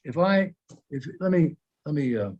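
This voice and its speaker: An older man with a voice a little higher than most men's speaks over a video call. He makes his points earnestly and with emphasis, often stopping and restarting his sentences as he goes. The tone is conversational rather than scripted. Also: expressive, moderate pace, muffled recording. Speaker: guest speaker.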